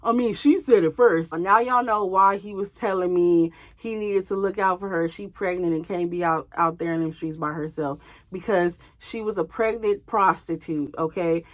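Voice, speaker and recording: Chatty young woman telling a story. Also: fairly low pitch. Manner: chatty, addresses viewers as y'all; dismissive drawn-out asides. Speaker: storyteller vlogger. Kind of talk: casual storytime monologue.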